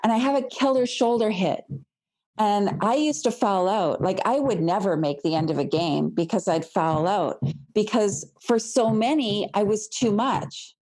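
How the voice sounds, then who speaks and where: A woman accountant talks as a podcast guest in a bold, forthright, casual way. Her pitch sits in the middle range for a woman. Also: measured pace, a little mellow. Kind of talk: casual interview chat.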